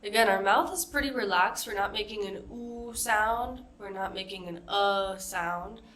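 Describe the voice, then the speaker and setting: A woman's voice: mid-range voice, measured pace, fairly bright tone. A woman coaching pronunciation, patiently modeling vowel sounds and example words one at a time. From United States. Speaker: accent coach. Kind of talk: pronunciation lesson.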